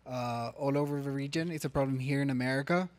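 A man's voice: mid-range voice, fairly even intonation, fast. Hesitant man from the Middle East. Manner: hesitant, restarts, many fillers. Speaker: podcast co-host. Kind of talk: casual chat.

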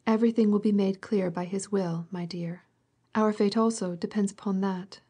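A woman's voice: medium pitch, fairly even intonation, moderate pace, dark tone, breathy edge, close to an everyday voice. A woman voicing a tearful, fretful older noblewoman who speaks in pleading, breathless exclamations.

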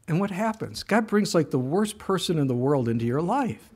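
A man pastor preaching a sermon in a conversational storytelling way, with animated asides and high, strained bursts when he acts out his own complaining. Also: moderate pace, hardly any pauses, slightly rough.

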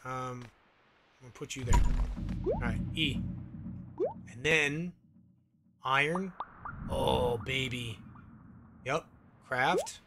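A man's voice: medium pitch, extremely slow, creaky, long pauses, over music. A man playing a video game, giving a casual muttered play-by-play with the odd swear word into a desk microphone. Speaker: gaming channel host. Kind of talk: let's play commentary.

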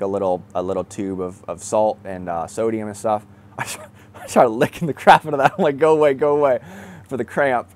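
A young man, a triathlete, telling his race story in a casual, excited way, laughing often and swearing now and then. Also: on the low side.

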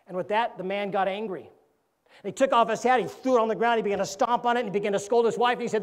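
A man, an evangelist preacher, delivering a sermon in a church and telling a joke with animated character voices. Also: sits high, rapid-fire.

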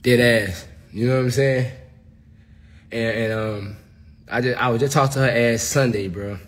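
A man's voice: mid-range voice, fairly even intonation, moderate pace. Profane, emphatic man ranting on a livestream. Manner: profane, emphatic, keeps saying bro. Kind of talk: casual livestream rant.

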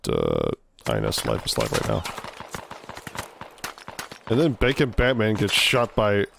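A man's voice: on the low side, huge pitch swings, normal speed, vocal fry, pauses often, fairly bright tone, dry recording. A man casting a tactical shooter match live, with wry, dry humor. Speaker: game caster. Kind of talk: live gameplay commentary.

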